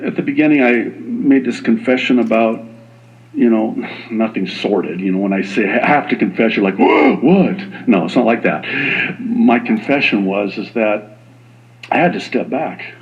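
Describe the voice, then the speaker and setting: A man preaching a sermon as a pastor, animated and slipping into quoted voices. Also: fairly low pitch, moderate pace, lo-fi sound.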